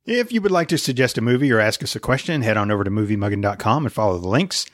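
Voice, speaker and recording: A man's voice: on the low side, animated, racing, a bit bright, dry recording, studio quality. A man co-hosting a casual movie podcast, joking around, swearing and riffing. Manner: jokey, swears, ad-libs songs. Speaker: podcast co-host. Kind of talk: casual chat.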